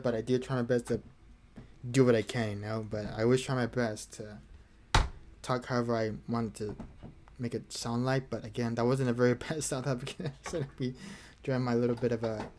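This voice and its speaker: Male livestream host, relaxed and rambling, fills the gaps between songs with loose chatter and frequent chuckles. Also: medium pitch, slight background noise. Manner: rambling, laid-back, chuckles often. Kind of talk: casual chat between songs.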